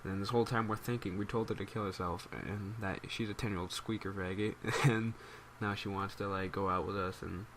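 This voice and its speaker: A man's voice: fairly low pitch, steady tone, fairly quick, hardly any pauses, a bit bright, slight background noise. A man telling a rambling, amused story as casual commentary for his gaming channel. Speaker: gaming YouTuber.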